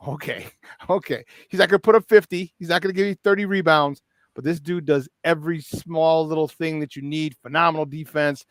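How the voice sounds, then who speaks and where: A male sports talk radio host, excitable and rambling, repeating words as he talks. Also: on the high side, brisk, dry recording, clean studio sound.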